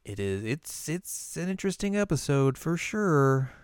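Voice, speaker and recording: A man co-hosting a casual anime recap podcast, joking as he acts out characters in quick asides. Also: on the high side, very animated, clear, resonant tone, no echo, clean studio sound. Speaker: podcast co-host.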